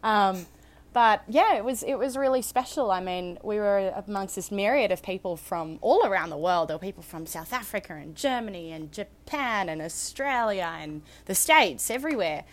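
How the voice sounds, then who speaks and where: A woman's voice: mid-range voice, animated, moderate pace. Playful young woman telling a story. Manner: playful, laughing, teasing. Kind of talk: casual interview chat.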